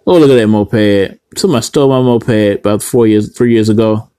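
A man's voice: on the low side, fairly quick, warm tone, clear, resonant tone, no echo. Foul-mouthed man ranting, dry sound. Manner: heavy cursing, blunt, scattered. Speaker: vlogger. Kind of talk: rambling profane rant to camera.

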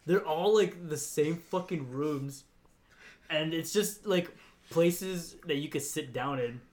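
A young man with a slightly higher voice tells a rambling, profanity-laced story to friends. He fills his talk with "like" and "you know", laughing now and then as he goes. The delivery is loose and casual. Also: slow, darkish tone. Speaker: podcast storyteller. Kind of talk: casual chat.

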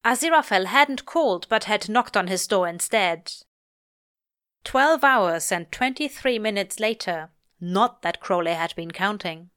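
Slow, lyrical woman reading fiction. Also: mid-range voice, lively intonation, fairly bright tone, smooth. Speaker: reader. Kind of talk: audiobook-style fiction reading.

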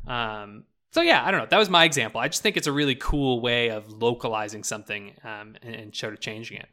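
A man's voice: mid-range voice, a little fast, pushed and bright. A man in casual podcast chat, talking animatedly with lots of "like" and "right?" and laughing as he explains. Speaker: podcast co-host.

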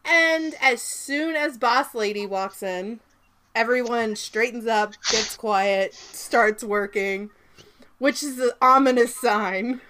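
A woman with a light Southern accent co-hosting a casual podcast, recapping a movie in an animated way and swearing often. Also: on the high side, takes it slowly, slight background noise. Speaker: podcast co-host.

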